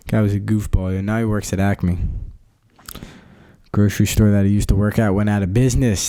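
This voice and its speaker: A man's voice: lowish voice, mellow. A young man hosting a casual solo podcast, rambling loosely with lots of slang and fillers. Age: young adult. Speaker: podcast host. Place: his own room.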